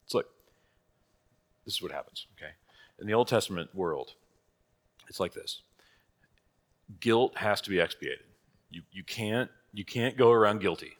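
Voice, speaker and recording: A man's voice: on the low side, expressive, moderate pace, pauses often. A man teaching a church catechism class in a casual, conversational way, asking rhetorical questions and laughing at his own asides.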